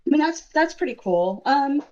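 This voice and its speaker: A woman's voice: high-pitched, lively intonation, moderate pace, darkish tone, highs cut off. A woman, a makeup and effects artist, talking in a casual interview, hesitant and full of "um"s. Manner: hesitant, many "um"s and restarts.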